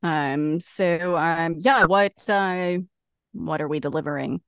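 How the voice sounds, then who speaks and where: Giggly low-voiced woman player. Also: slow pace, smooth, no room sound. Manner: giggly, easily amused.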